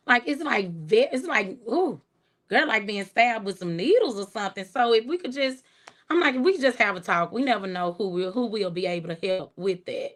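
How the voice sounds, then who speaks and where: A middle-aged woman with a Texas accent, chatting casually on her livestream, relaxed and soft-spoken, laughing as she reads viewer comments aloud. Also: mid-range voice. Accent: Texan. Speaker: livestream host.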